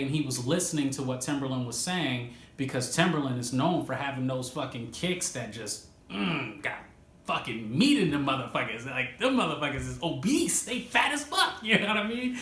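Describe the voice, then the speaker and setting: A man's voice: mid-range voice, lively intonation, normal speed, a bit bright, slight background noise. A man, a music producer, giving casual, profane advice to fellow creators in a vlog, laughing often and stressing his points. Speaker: music producer and video host. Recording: roomy echo.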